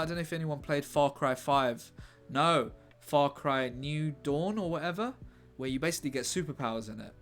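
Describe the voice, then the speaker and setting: A man's voice: medium pitch, a bit bright. A man casually chatting on a live stream as he writes a script, rambling and joking while reading out chat. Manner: rambling, jokey, reads chat aloud. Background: faint background music.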